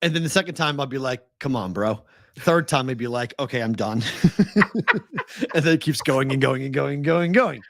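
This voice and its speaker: Boston-accented male host, animated ranter, slightly high voice, dry close recording. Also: a little fast, vocal fry, no echo. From Boston area. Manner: animated ranting, swears freely. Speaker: sports betting show host. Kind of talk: casual sports talk.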